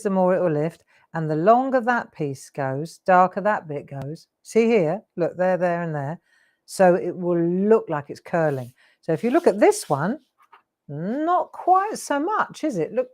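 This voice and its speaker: A woman's voice: on the low side, lively intonation, normal speed, a little mellow. A woman in her sixties hosting a live craft show, chatty and rambling with laughing asides. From England. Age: 60s. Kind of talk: live craft demo chat.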